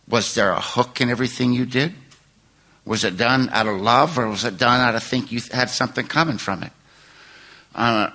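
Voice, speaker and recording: An older man stands before a recovery meeting and tells a long, painful story from his own life. His voice is bright and forceful. He rambles and laughs at himself. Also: mid-range voice, moderate pace. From California.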